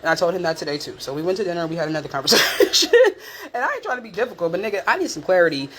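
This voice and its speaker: A woman's voice: on the low side, very fast, a little hiss or hum. A woman from Northern California chatting candidly to her viewers, swearing freely and acting out the people in her stories. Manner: candid, profane, animated retelling with quoted voices. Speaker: vlogger. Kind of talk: casual storytelling chat.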